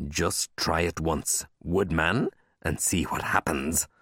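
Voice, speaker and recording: Guy doing a strict old lady librarian, clipped and bossy, low voice. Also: huge pitch swings, normal speed, fairly bright tone, no echo, clean studio sound, heavily acted. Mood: menacing. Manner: clipped, commanding. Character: stern older woman librarian, fierce but secretly kind.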